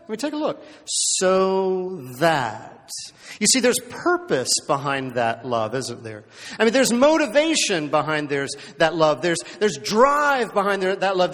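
A man with a high, fairly bright voice preaches a sermon in a conversational, storytelling style, often checking in with listeners and repeating words as he goes. A long hall reverb fills the recording.

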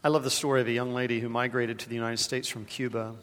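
A man preaches a sermon with dramatic swings, rising to loud emphasis and then dropping to a near-hush. He repeats words when he is stirred. His voice carries a long reverb through a large worship hall. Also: medium pitch, level tone, quick pace. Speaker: pastor.

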